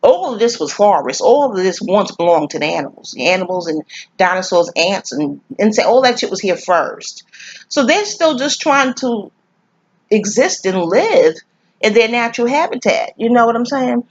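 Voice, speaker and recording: A woman's voice: medium pitch, sing-song, normal speed, husky. A groggy woman from New York rambling through a movie review, profane and digressive. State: groggy, sleepy. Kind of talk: rambling casual monologue. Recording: slightly dull, dry recording.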